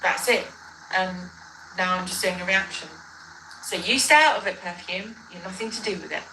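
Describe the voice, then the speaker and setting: A woman's voice: lowish voice, moderate pace, sharp tone, slight background noise, poor audio. A woman ranting in a reaction video, rambling, combative and correcting herself as she goes, played back during a livestream. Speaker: livestreamer in a dispute.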